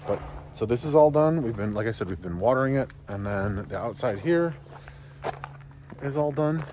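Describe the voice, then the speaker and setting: A man's voice: medium pitch, expressive, normal speed, noisy background. A man vlogging outdoors by his barn and driveway, rambling and easygoing as he explains his project into an action camera. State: out of breath. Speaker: homesteading vlogger. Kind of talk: casual vlog walkthrough.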